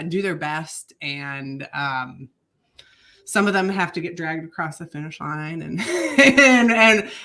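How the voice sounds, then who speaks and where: Bright-voiced woman co-hosting a podcast. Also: lowish voice. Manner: chatty, laughs often, many fillers. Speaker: podcast co-host. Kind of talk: casual podcast chat.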